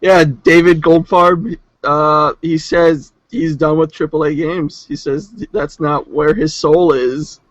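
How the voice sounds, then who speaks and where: A man's voice: a little high, steady tone, slow, few pauses, no echo, dull audio. A man co-hosting a casual gaming podcast, laid-back and teasing, mostly answering in short dry remarks. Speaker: podcast co-host.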